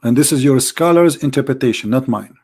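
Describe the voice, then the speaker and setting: A hoarse man hosting a livestream on religion, speaking emphatically in broken English and firing off rhetorical questions. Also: mid-range voice, fairly quick, darkish tone. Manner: emphatic, rhetorical questions, non-native grammar. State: hoarse, voice nearly gone. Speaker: livestream debate host. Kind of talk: live-streamed religious polemic.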